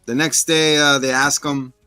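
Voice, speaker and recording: Casual male podcast co-host, animated slangy recap, mid pitch, dry, faint music under. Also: moderate pace, smooth, no room sound. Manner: animated, slangy retelling of scenes. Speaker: podcast co-host reviewing a film. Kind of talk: casual chat.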